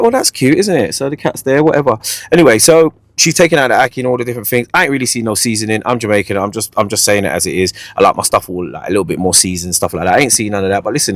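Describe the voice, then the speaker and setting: Fast, lively male podcast storyteller. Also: lowish voice, no echo. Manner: animated, playful storyteller who repeats catchphrases. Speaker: podcast host. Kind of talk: casual storytelling chat.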